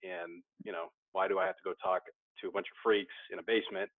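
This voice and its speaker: A man's voice: sits low, level tone, fast, dry recording. Candid man with a tinny sound. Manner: candid, searching, restarts often. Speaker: support group member. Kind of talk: sharing in a recovery meeting. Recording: dry tinny phone-like sound.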